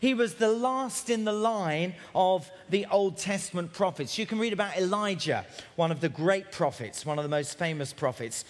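A man preaching outdoors at a camp, shouting loudly so his voice carries in the rain. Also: high-pitched, animated, moderate pace, few pauses, long reverb tail. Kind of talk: outdoor sermon.

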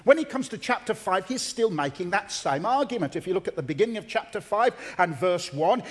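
A man's voice: sits high, expressive, brisk, few pauses. A man delivering a sermon to a congregation in an earnest, emphatic way, repeating key phrases for weight. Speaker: preacher.

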